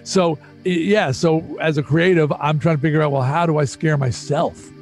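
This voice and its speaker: A middle-aged man with a gravelly, fry-laden voice that sits slightly above the usual male range. He tells stories in a loose, profane interview style, circling back and repeating phrases when he gets excited. Soft music runs faintly underneath. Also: fairly high pitch, moderate pace. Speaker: interview guest. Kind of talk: casual interview storytelling.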